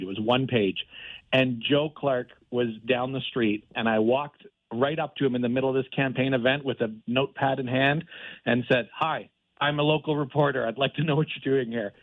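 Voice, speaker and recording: A man in his forties, a caller from Canada, telling a lively, self-deprecating story on a phone-in show. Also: mid-range voice, brisk, no echo. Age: 40s. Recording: tinny phone line, dry.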